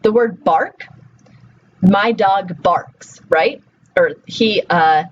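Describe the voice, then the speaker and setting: A woman's voice: on the low side, takes it slowly. A woman lecturer giving a recorded class, explaining step by step and asking her students questions. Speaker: college lecturer. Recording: dull lo-fi audio with faint hiss.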